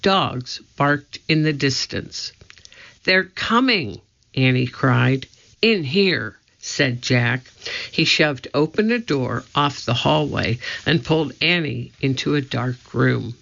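A narrator reads a children's chapter book aloud, taking each sentence slowly and evenly. The voice has a gravelly edge, and the recording sounds dull and lo-fi. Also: medium pitch, fairly bright tone. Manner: slow, measured storytelling. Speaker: audiobook reader. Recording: muffled lo-fi recording.

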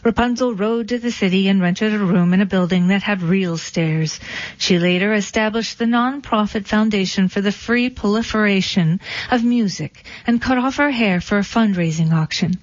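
Female narrator, dry deadpan storybook read, muffled lo-fi audio, no room sound. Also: mid-range voice, moderate pace, no room sound. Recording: dull lo-fi recording.

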